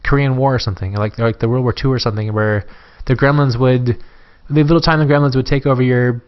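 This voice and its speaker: Fast-talking male podcast host. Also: medium pitch, fairly even intonation, clear, resonant tone. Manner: fast, rambling with restarts. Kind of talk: casual movie discussion. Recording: dull lo-fi podcast audio.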